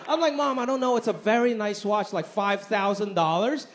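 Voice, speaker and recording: A high-voiced man in his thirties works a stand-up set into a handheld mic, animated and quick to slip into exaggerated voices for his family. The live show is recorded with plenty of audience noise underneath. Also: a crowd in the background. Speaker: stand-up comedian. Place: large theater stage with live audience.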